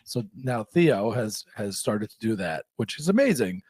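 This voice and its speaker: A man's voice: fairly low pitch, big pitch swings, normal speed, a little mellow, slightly rough, no room sound. A man co-hosting a podcast, chatting casually, telling stories and laughing often. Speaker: podcast co-host. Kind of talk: casual chat.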